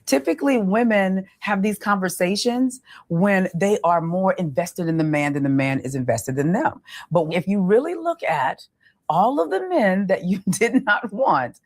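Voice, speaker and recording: A woman relationship coach talking in a podcast interview, explaining in a measured way with pauses. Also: mid-range voice, expressive.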